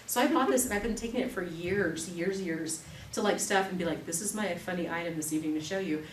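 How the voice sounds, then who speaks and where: A woman's voice: lowish voice, fast talker. Chatty woman teaching a class, echoey room. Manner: chatty, animated storytelling with laughter. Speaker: class instructor. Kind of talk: live classroom demonstration. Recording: echoey room, distant mic, faint noise.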